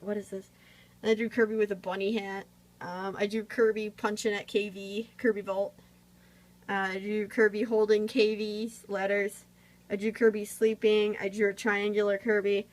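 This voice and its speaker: A woman talks her way through a drawing tutorial in a loose, meandering chat, full of fillers. Her voice sits at an ordinary middle pitch. It is recorded on a phone camera. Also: little pitch movement, normal speed, low-quality recording. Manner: rambling, chatty, many fillers.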